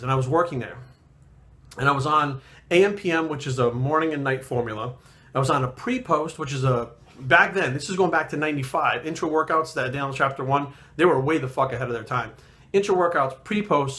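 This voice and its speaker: A man's voice: a little high, a bit bright. A man in his thirties, a fitness trainer ranting to camera in a profane, aggressive, emphatic way. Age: 30s. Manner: aggressive, swearing constantly, emphatic.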